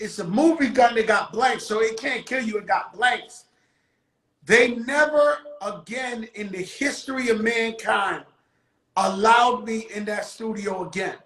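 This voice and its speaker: A man spins a loose, profane story as a show host, now and then breaking into a shout. His voice sits high for a man, and the room around him rings with echo. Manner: animated, profane street storytelling with bursts of shouting. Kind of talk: casual storytelling monologue. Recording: roomy echo.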